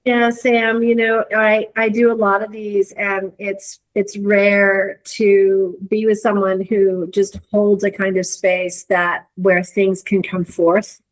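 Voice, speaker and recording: A woman's voice: mid-range voice, flat delivery, slow pace, hardly any pauses, low-quality recording. A woman guest in an interview, telling stories earnestly and with feeling, restarting her phrases often. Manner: earnest, emotive storyteller with restarts. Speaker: leadership coach and guest. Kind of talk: storytelling in conversation.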